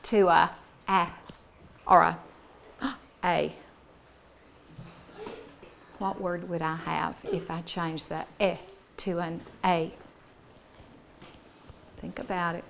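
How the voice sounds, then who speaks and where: A woman teacher leading a classroom phonics lesson, encouraging and deliberate, sounding out words for young pupils in a classroom. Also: on the low side, little pitch movement, vocal fry, fairly bright tone, slight background noise.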